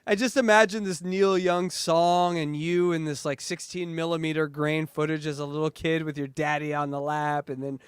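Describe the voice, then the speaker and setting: A man co-hosting a podcast in crude casual banter, loud and laughing as he rants. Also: a little high, normal speed, few pauses, smooth, no echo. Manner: loud, laughing, animated ranting. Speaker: podcast co-host.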